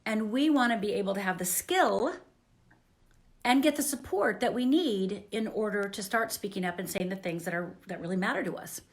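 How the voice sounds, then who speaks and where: A woman giving an earnest, animated coaching talk to camera, often checking in with the listener. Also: fairly high pitch. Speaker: self-help coach.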